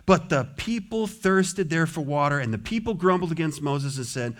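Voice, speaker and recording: A man preaching a sermon in a church, lively and often acting out the voices of a grumbling crowd. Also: a little high, normal speed, few pauses. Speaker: pastor. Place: church sanctuary.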